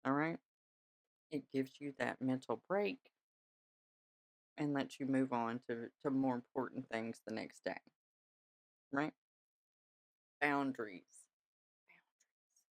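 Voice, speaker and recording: A podcast host with a rumbling low voice gives a casual spiritual talk at a measured pace, leaving long pauses. She is chatty and reassuring, often checking in with listeners with "all right?", and there's no room sound.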